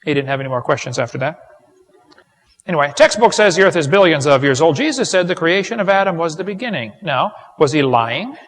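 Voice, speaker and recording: A man's voice: a little high, expressive, a little fast, fairly bright tone. A man giving a folksy, joking lecture to a live audience, full of rhetorical questions. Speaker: creationist seminar speaker. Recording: long hall reverb.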